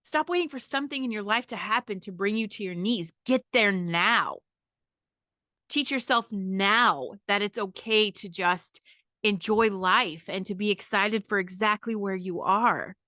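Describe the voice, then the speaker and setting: A woman's voice: mid-range voice, unhurried, pushed and bright, no room sound, studio quality. A woman hosting her own podcast, telling a story in a casual, emphatic way, swearing freely and checking in with "okay?" often. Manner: emphatic, profane, repeats "okay?" to the listener. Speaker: podcast host.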